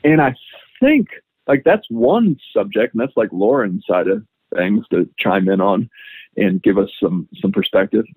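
A man's voice: lowish voice, expressive, measured pace, breathy edge, dry recording. Rambling man on a thin phone-like line. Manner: rambling, many "like" fillers. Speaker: farmer guest. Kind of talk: casual podcast chat. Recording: phone-like narrow sound.

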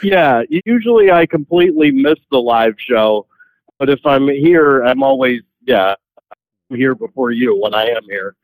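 A man's voice: mid-range voice, animated, normal speed, dry recording, rough recording. A man calling in to a radio show, chatting casually and correcting himself as he rambles. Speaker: caller. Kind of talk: casual phone-in chat.

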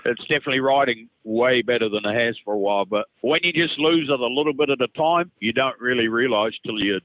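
Male caller, chatty storyteller, mid-pitched, dry sound. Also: fast, a bit bright, no echo, poor audio. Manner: chatty storyteller, repeats words. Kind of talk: call-in conversation.

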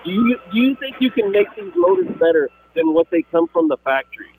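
A man's voice: high-pitched, animated, a little fast, darkish tone, a little hiss or hum. A man calling in to a radio talk show, arguing with passion and often repeating his words. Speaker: caller. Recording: tinny dry phone line.

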